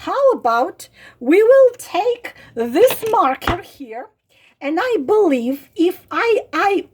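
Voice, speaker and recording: A woman who reads tarot, talking to camera in an emotional, exasperated monologue that keeps circling back to the same points. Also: high voice. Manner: exasperated, emphatic, repeats herself. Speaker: tarot reader and psychic vlogger.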